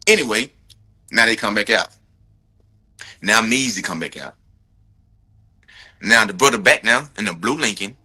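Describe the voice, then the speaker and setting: Husky, bright-voiced man retelling heatedly. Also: lowish voice, expressive, normal speed, long pauses. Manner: emphatic, profane, repeats for stress. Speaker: brother of a victim giving a court update.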